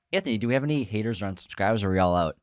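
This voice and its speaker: A man's voice: fairly low pitch, dry recording, studio quality. A man co-hosting a podcast, a playful quizmaster who laughs often in casual chat. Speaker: podcast co-host.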